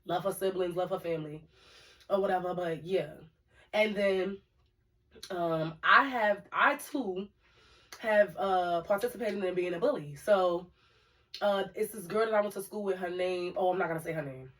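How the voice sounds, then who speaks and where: A Brooklyn woman co-hosts a casual talk show podcast, telling stories full of fillers and asides to listeners. Her voice is lowish and fairly bright at a normal speed, picked up a bit far from the mic.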